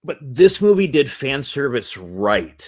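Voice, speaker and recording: A man in his forties co-hosting a casual movie review podcast, animated, laughing often and swearing freely. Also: medium pitch, a little slow. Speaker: podcast co-host.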